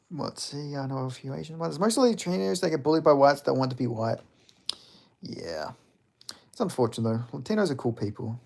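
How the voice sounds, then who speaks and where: A man's voice: medium pitch, gravelly. A young man chatting casually on a livestream, rambling and reading out comments, with lots of fillers and swearing. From Australia. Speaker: streamer.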